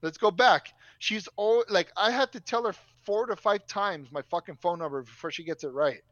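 A man's voice: sits high, moderate pace, fairly bright tone, dry recording, dull audio. A young man telling a story in a casual, profane, ranting way.

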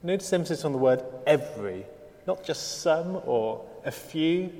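A man's voice: fairly high pitch, animated, moderate pace, darkish tone. Guy giving a sermon in church, dry jokes then big emphasis, echoey hall sound. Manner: storytelling with dry humour and rising emphasis. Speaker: preacher. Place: church service. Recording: long reverb of a church hall.

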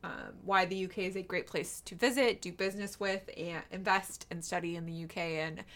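A woman's voice: fairly low pitch, steady tone, a little fast, a bit bright. A woman co-hosting a casual chat, rambling with many fillers and restarts. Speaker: podcast co-host.

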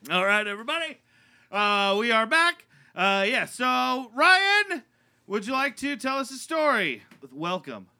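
A man hosting an improv comedy podcast, bantering with loud, exasperated outbursts and reading the show's announcements. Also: extremely high pitch, big pitch swings, measured pace, dry recording, soft background music.

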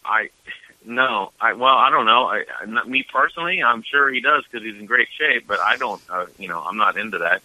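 A man's voice: medium pitch, expressive, a little fast, sharp tone, no echo, low-quality recording. A man chatting on a podcast as its regular movie reviewer, laid-back and casually swearing, laughing often.

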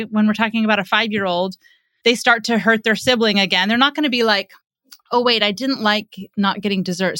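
A woman's voice: a little high, sharp tone, no room sound. Middle-aged woman guest, earnest explainer who acts out quotes, dry recording. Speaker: psychotherapist and parenting author, podcast guest. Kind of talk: conversational storytelling, explaining.

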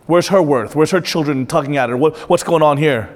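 A man's voice: on the high side, fairly quick. A male pastor preaching a sermon in a church, earnest and direct, often putting questions to the congregation. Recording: reverberant church hall.

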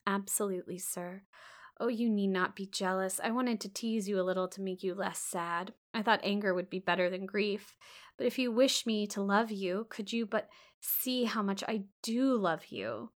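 A woman's voice: mid-range voice, normal speed, natural voice. A woman reading the part of an earnest, devoted young woman, speaking emphatically in a storybook reading.

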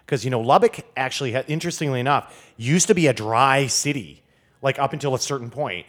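Brisk and a bit bright, the man's mid-range voice belongs to a wine expert appearing as a podcast guest. In a relaxed chat he tells stories that wander, packed with fillers and false starts.

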